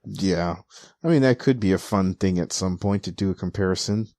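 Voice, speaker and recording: A young man hosting a casual podcast, animatedly recapping manga and acting out the characters' lines in quick voices. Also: deep voice, darkish tone, no echo. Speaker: podcast host.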